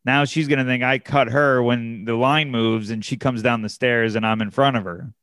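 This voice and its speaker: A man's voice: mid-range voice, steady tone, normal speed, a bit bright, no echo, clean studio sound. A man casually telling a long anecdote, with many fillers and restarts. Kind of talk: casual chat, storytelling.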